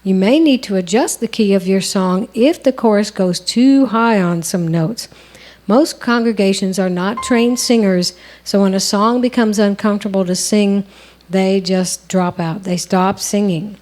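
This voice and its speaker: Mellow-voiced woman teaching songwriting. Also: mid-range voice, measured pace. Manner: conversational, explains step by step. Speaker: songwriting co-host. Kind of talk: instructional conversation.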